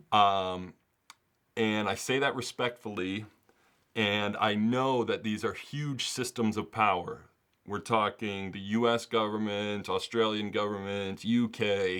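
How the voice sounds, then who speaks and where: Chatty man with a low voice. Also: fairly bright tone. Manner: chatty and earnest, laughs often mid-sentence. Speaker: sports channel host. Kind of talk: casual solo commentary to camera. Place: home setup in the US.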